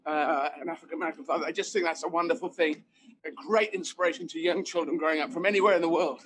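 A comedian talks in a lively, emphatic rush, circling back on his phrases. His voice sits high for a man. Steady outdoor noise runs under everything. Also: fast. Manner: animated, emphatic, rambling asides. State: running while talking. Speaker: guest comedian. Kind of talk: conversational interview.

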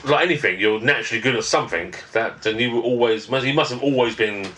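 A man's voice: mid-range voice, fast talker, bright, forceful tone. A man co-hosting a casual podcast who rambles and thinks aloud as he asks his questions. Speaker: podcast co-host. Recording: distant mic with clear hiss.

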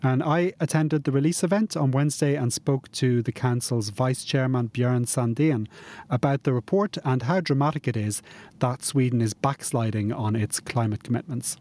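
A man hosting a podcast, reading a news segment in a measured, scripted way. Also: medium pitch, darkish tone. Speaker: podcast host. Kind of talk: scripted news read and interviewing.

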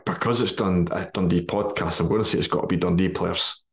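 A Scottish man hosting a casual football podcast, jokey and quick to laugh, using broad dialect words. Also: sits low, fairly even intonation. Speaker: podcast host.

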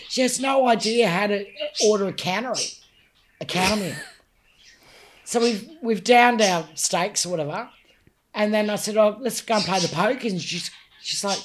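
A woman with an Australian accent, a guest comedian telling bawdy stories in a casual chat, loud and quick to laugh. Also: medium pitch, animated, a little hiss or hum.

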